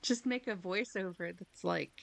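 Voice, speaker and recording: A woman's voice: medium pitch, normal speed, gravelly, noisy background. A woman live-streaming a video game, chatting casually with viewers in a rambling, giggly, self-deprecating way.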